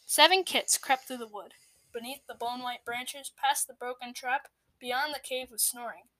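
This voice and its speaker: A woman narrating a children's story in a measured, expressive way that drops into hushed tones. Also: sits high, no echo. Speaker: storybook reader.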